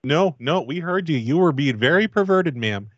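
A man's voice: a little high, animated, moderate pace, no echo. A pushy male phone company agent, as a man puts him on for a prank call, blustering and stumbling over his accusations. His voice is dry and close, with a muffled, dull edge. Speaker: prank caller.

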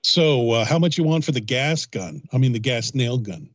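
Male host, deadpan sarcastic, dry and slightly muffled. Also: medium pitch, moderate pace, no echo. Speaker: radio prank caller. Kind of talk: comedic phone bit.

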